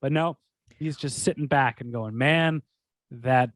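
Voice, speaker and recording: A mid-pitched man talks sports on a podcast, sounding dry and close to the microphone. He rambles through long stories with plenty of restarts and keeps the delivery animated. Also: normal speed, no room sound. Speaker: podcast co-host. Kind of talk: casual sports talk.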